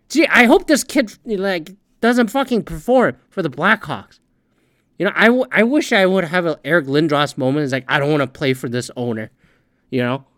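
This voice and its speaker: Profane man ranting with lively pitch. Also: dry recording, clean studio sound. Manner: profane, heated, sarcastic ranting. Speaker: podcast host. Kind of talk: casual ranting commentary.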